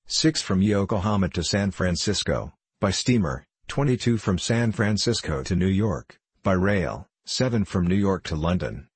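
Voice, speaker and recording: Deep-voiced male audiobook narrator. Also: husky, no room sound. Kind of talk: scripted narration.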